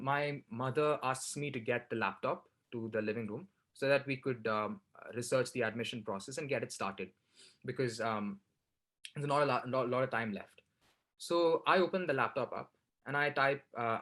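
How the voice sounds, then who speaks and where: A young man shares a personal story in an animated storytelling style. His voice sits a little high and sounds bright and clear. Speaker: speaker at a spiritual centre talk.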